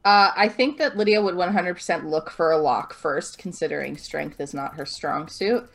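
A woman playing in a tabletop game, speaking in an unhurried, thoughtful way. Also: fairly low pitch, vocal fry, fairly bright tone. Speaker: player. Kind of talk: casual tabletop game chat.

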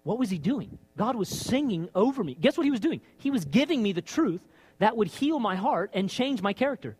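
A man's voice: high voice, a little fast, breathy edge. A man preaching a sermon in a conversational way, asking rhetorical questions and acting out lines of dialogue. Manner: animated, acts out his own and God's lines.

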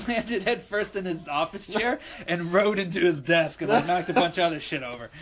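Bright-voiced young man telling a wild story. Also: high voice, moderate pace, a little hiss or hum. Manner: animated, laughing, acts out quoted lines loudly. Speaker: podcast co-host. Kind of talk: casual storytelling among friends.

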